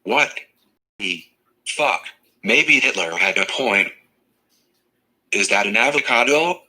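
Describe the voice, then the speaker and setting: A male text-to-speech voice reading viewer messages aloud in a flat, evenly paced machine delivery. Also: lowish voice, slow, low-quality recording.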